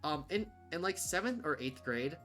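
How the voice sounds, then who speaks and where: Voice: mid-range voice, animated, normal speed, fairly bright tone, faint music behind. A livestreamer chatting casually and bluntly, rambling with many fillers and restarts. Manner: rambling, full of "like" and "um", frequent restarts; candid, blunt, swears casually.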